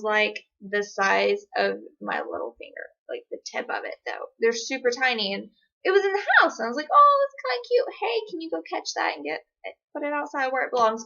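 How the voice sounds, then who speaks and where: A woman's voice: fairly high pitch, gravelly, a bit bright. A young woman, chatting sarcastically as she tells stories to the camera. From Georgia, USA. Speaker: vlogger. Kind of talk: casual chat. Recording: dull lo-fi recording.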